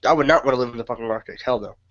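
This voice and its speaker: A man's voice: medium pitch, racing, a bit bright. A young man co-hosting a podcast in casual chat, swearing and joking and laughing often. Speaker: podcast co-host. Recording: muffled lo-fi mic with faint hiss.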